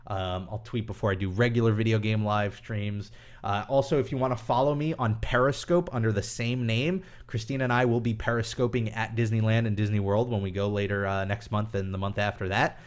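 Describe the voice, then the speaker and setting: Man, young adult, fairly low voice, casual live stream host, rambling, chatty, lots of fillers. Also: steady tone, brisk. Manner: rambling and chatty, thinks aloud with many ums. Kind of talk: casual live Q&A reading viewer questions.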